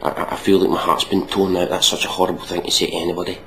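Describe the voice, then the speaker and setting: A man's voice: sits low, little pitch movement, racing, fairly bright tone, slight background noise, low-quality recording. A man hosting a casual reaction video, mocking and sarcastic, swearing freely.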